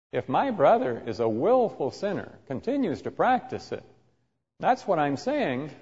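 A man teaching a sermon who reads scripture aloud and then explains it, slowly and deliberately, acting out quoted insults vividly. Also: on the high side, darkish tone, husky. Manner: slow and deliberate. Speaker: Bible teacher. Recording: muffled, reverberant hall recording.

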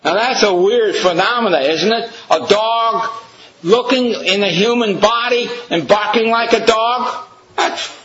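A man's voice: high voice, fairly bright tone, muffled recording. A man preaching a storytelling sermon, emphatic and questioning his listeners.

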